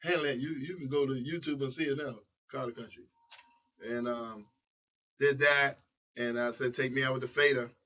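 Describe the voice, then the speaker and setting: A man's voice: mid-range voice, moderate pace. A middle-aged man from New York telling stories from his career as a guest in a casual interview, full of slang and swearing, acting out what people said. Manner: animated storyteller who acts out quotes, profane slang. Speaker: veteran rapper, interview guest. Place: indoor interview room. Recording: voice picked up from a distance.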